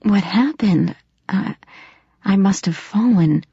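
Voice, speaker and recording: A woman reading the part of an injured, dazed mother who gently insists she is fine, in a dull, dry lo-fi recording. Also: mid-range voice, slow, gravelly, husky, no room sound, heavily acted. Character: hurt, dazed mother brushing off worry.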